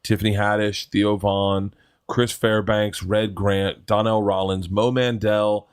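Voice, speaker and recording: Middle-aged male comic guest, low voice, rambling profane storyteller, dry studio sound. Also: little pitch movement, takes it slowly, smooth, dry recording. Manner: rambling, laughing, profane anecdotes. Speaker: guest comedian. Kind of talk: casual storytelling.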